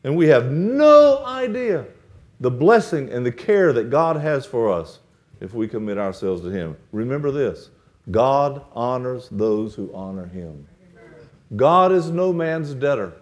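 A man's voice: medium pitch, big pitch swings, a little slow. A male preacher retelling a Bible story in a sermon, acting out the characters' lines as he goes.

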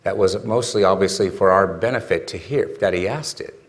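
Brief: male pastor, low-pitched, relaxed chat style of sermon that swells into emphatic questions. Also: brisk. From California. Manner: conversational, rhetorical questions, builds to emphatic peaks. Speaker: preacher.

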